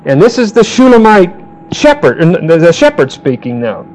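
A man teaching a Bible class, questioning his students and calling on them by name, slowing down to quote verses. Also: on the high side, wildly swooping pitch, a little mellow, low-quality recording. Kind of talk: interactive Bible class lecture.

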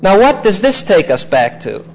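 Higher-voiced man teaching from the Bible. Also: big pitch swings, poor audio. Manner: measured, emphatic, spells out Greek words. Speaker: preacher.

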